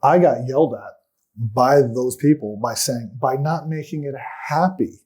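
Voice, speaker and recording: Aggrieved man telling his story, mellow. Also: medium pitch, normal speed, slightly rough. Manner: earnest, aggrieved storytelling with trailing, quiet sentence ends. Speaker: guest. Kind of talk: personal story in a talk-show interview.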